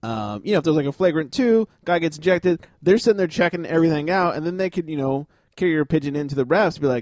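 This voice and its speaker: A man co-hosting a casual sports podcast, animated and crude, quick to joke. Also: on the high side, dry recording, studio quality. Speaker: podcast co-host.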